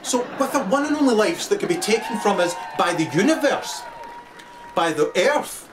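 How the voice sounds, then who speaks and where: A man delivering a profane ranting monologue, often laughing and shouting. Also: high voice, animated, normal speed. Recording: distant mic with crowd chatter and noise.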